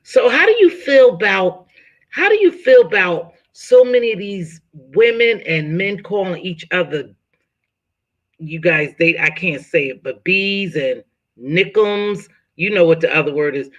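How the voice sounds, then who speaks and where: A woman's voice: lowish voice, expressive, a little slow, lo-fi sound. A woman hosting a casual live-stream chat, asking a guest probing questions in a friendly way. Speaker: host interviewing a chat guest.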